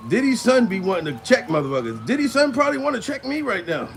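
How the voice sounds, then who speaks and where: A man's voice: extremely high pitch, big pitch swings, fast talker, creaky, slight background noise. A man doing casual comedic commentary, crude and rambling, laughing between lines and out of breath.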